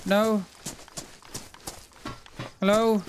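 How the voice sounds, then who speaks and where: A man in casual gameplay commentary, chatting away to himself and to other players. His voice sits a little high for a man, and he takes his time over every phrase. Game noise comes through clearly behind him. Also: little pitch movement, drawn-out words. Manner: chatty, talks to himself while playing. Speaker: livestreamer.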